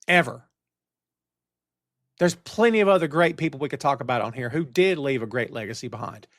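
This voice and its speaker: A man's voice: medium pitch, a little fast, no room sound, clean studio sound. A middle-aged man hosting a live wrestling talk show, ranting with energy and reading out chat comments. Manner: animated, ranting, reads chat comments aloud. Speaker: podcast host. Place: home studio on camera. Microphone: headphones and studio mic.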